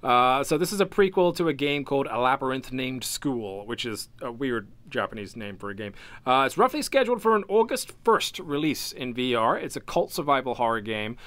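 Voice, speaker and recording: A man's voice: mid-range voice, sing-song, a little fast, fairly bright tone, no echo. A man co-hosting a casual gaming news podcast, talking in loose rambling sentences full of fillers and restarts. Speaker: podcast co-host. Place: home basement studio.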